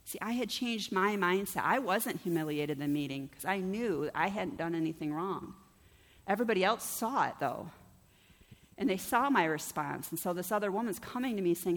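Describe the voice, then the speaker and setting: A woman pastor preaches a sermon in a chatty, conversational, expressive way at a normal speed, often turning to her listeners with "right?" Her voice sits at an ordinary middle pitch for a woman, and the sound carries the long reverb of a church hall.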